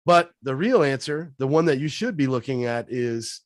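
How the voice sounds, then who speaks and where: A man as a guest sales trainer, answering webinar questions in a punchy, energetic coaching way. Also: mid-range voice, moderate pace, no room sound, studio quality.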